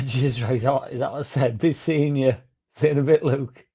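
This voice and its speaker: Sweary man with a dark voice. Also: mid-range voice, fairly even intonation, a little fast, slightly rough. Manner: sweary, rambling, chats to viewers by name. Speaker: fan channel livestream host. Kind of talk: casual livestream chat.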